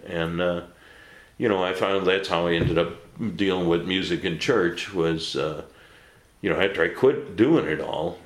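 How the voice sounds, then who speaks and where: A man's voice: low voice, a little slow, echoey room. A man recounting his life story in a casual interview, blunt and laughing often between stories. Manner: blunt, mild swearing. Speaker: interview guest.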